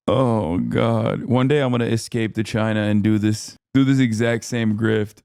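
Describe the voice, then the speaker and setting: A man's voice: fairly low pitch, fairly even intonation, normal speed, vocal fry, few pauses, darkish tone, clean tone, dry recording, studio quality. A man streaming casual reaction commentary, profane and sardonic, laughing often.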